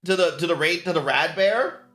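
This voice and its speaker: A man's voice: fairly high pitch, fairly quick, a bit bright, reverberant, faint music behind. A man streaming casually, rambling and swearing with frequent laughter. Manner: rambling, profane, laughs often. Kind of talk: casual chat while painting.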